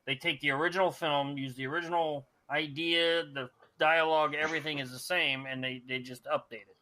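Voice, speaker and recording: Bright-voiced rambling male radio host. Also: fairly high pitch, fairly even intonation, fairly quick, poor audio. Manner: rambling, profane, with many restarts and fillers. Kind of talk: casual crude talk radio banter.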